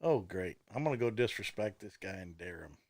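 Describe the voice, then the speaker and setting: A man's voice: lowish voice, animated, brisk, vocal fry, darkish tone, no room sound. A man co-hosting a podcast, cracking jokes and chatting casually with his co-host. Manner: joking and wisecracking, plugs the show chattily. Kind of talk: casual banter.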